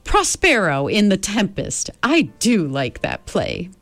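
A woman's voice: mid-range voice, huge pitch swings, slow pace, fairly bright tone, no echo, exaggerated voice. A woman voicing a genial old female being who loves quoting literature. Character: bespectacled quotation-loving old female being.

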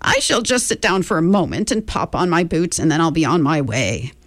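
A brisk, cheerful, very old woman chatters away in a storybook reading, voiced by a woman. Her pitch swoops around lively as she talks. The sound is dry and close. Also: dry recording. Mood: chirpy. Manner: brisk, chirpy and breezy.

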